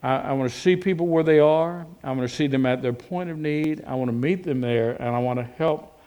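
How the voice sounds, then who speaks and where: A man preaching a sermon in a folksy, animated way, with rhetorical questions and frequent restarts. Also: a little high, brisk, smooth. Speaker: pastor.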